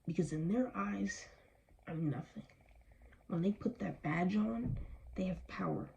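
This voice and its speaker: A young woman speaks in an angry, worn-out, emphatic way and does not hold back her language. Her voice is low, dark and gravelly. A faint hiss runs under the recording. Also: measured pace, muffled recording. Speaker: vlogger. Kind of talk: impassioned personal vlog.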